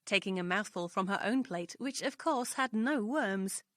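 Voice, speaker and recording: A woman narrating a children's story, reading aloud clearly and expressively. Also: medium pitch, expressive, normal speed, a bit bright, no echo, clean studio sound.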